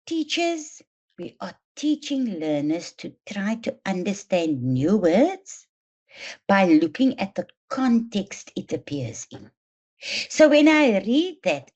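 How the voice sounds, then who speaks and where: A South African woman leads a teacher training webinar, reading aloud and explaining in a slow, deliberate, emphatic way to teachers. Her pitch rises and falls in a lively manner. The sound is dull and lo-fi, like an online call picked up by a webinar mic.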